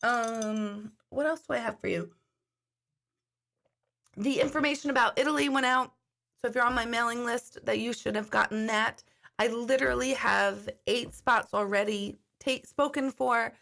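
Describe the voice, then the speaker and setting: Chatty woman with a gravelly voice. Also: on the high side, fairly even intonation, moderate pace, bright, forceful tone. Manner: chatty storytelling, reads viewer comments aloud. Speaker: intuitive hosting a live stream. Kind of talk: casual live-stream chat.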